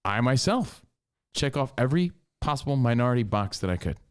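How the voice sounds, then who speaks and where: A man co-hosting a podcast, talking in an animated, opinionated casual way. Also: medium pitch, a little fast, clean tone. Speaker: podcast co-host. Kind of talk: casual chat.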